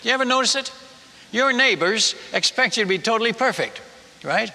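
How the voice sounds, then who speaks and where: A man preaching as a missionary, telling his story with animated, self-mocking humor and frequent stammered restarts. His voice sits high and sounds very bright. A long reverb from a large hall trails behind his words. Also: fairly quick. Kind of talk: sermon storytelling.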